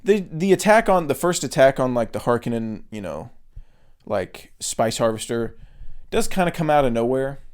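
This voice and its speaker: A man's voice: mid-range voice, sing-song, normal speed, smooth. Man chatting loosely about a film. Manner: loose and enthusiastic, with frequent swearing and filler words. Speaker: podcast co-host. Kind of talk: casual film review chat.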